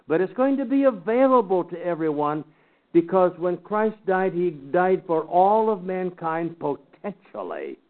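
A man's voice: sits high, very animated, measured pace. A man teaching a Bible lesson to a class, folksy, with teasing asides and questions to the room. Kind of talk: lecture to a class. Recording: tinny phone-like sound.

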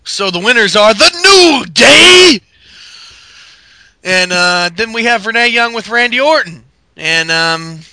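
A man's voice: high voice, expressive, slow pace, sharp tone, no room sound. A man co-hosting a podcast, rambling through a wrestling recap with fillers, laughs and swearing. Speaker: podcast co-host. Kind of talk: casual wrestling recap chat.

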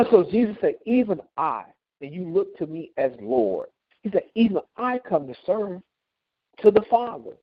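A man teaching a Bible study and leading a closing prayer, preaching emphatically with rising and falling loudness. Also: a little high, no room sound. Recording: tinny phone-line sound, dry.

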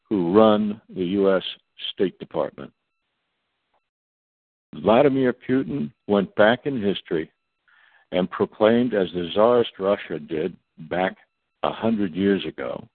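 Low-voiced man on a tinny phone line. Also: no room sound. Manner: emphatic, spells out acronyms letter by letter. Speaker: radio show guest. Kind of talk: long talk-radio monologue.

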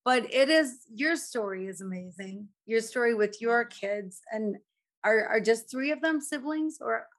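A woman's voice: a little high, expressive, unhurried. Woman co-host, effusive and emotional, casual interview chat.

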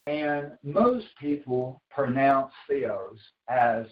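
A man preaching a sermon as pastor, slow and emphatic, repeating phrases for weight. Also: medium pitch. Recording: echoey, dull sound from far off the mic.

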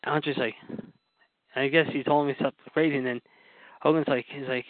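A man's voice: fairly high pitch, fairly even intonation, fast talker, no room sound. A man hosting a podcast, telling wrestling stories in a rambling casual way, full of fillers and repeated asides. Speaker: podcast host. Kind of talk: casual storytelling about wrestling history. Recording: dry, phone-like narrow sound.

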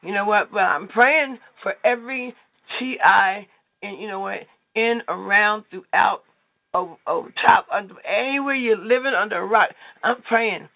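A man with a high voice and a gravelly edge leads a prayer call, preaching loosely and rambling through endless filler phrases. He is heard over a thin, tinny phone line with a dry, close sound. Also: normal speed, no room sound. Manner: rambling, heavy with "you know what" fillers. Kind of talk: informal preaching on a conference call. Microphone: telephone.

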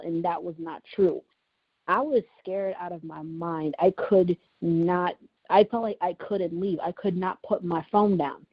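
In a dull, lo-fi recording, a woman who hosts a podcast and writes speaks in a lowish voice with fairly even intonation and a measured pace. Her monologue is earnest and emotional as she recounts a painful personal story, repeating herself for emphasis.

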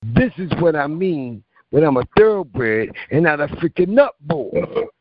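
A man's voice: on the high side, lively intonation, moderate pace, no echo. A man hosting a call-in radio show, talking in a rambling, emphatic, slangy way. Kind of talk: casual call-in radio chat. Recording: muffled internet radio stream.

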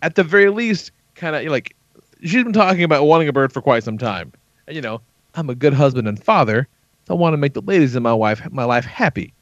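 A thirties-aged podcast host speaks a little fast in an animated, higher-leaning voice, recorded dry. He tells a story in casual, profane chat filled with quoted dialogue, and the podcast audio is dull and lo-fi.

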